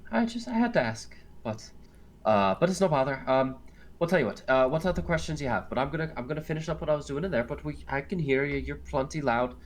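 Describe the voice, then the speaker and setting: Gm putting on a chatty scottish-accent cook lady, motherly, teasing, pitch jumps all over, bit of hiss behind. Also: animated, quick pace, close to an everyday voice. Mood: joking. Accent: put-on Scottish. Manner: chatty, teasing, many fillers and self-corrections. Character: motherly middle-aged woman cook, joking and chatty. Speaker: game master. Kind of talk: tabletop role-play.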